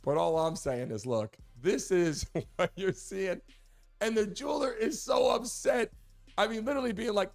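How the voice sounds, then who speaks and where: A man's voice: high voice, normal speed, soft background music. A man hosting a sports and celebrity talk show, chatting casually and laughing often as he talks a producer through photos.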